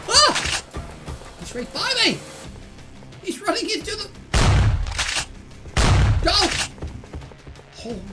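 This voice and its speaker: A woman hosting a let's play, reacting with excited yelps and exclamations to a shooter game. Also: very high voice, slow, long pauses. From Canada. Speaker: gaming channel host. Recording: loud game music and gunfire behind.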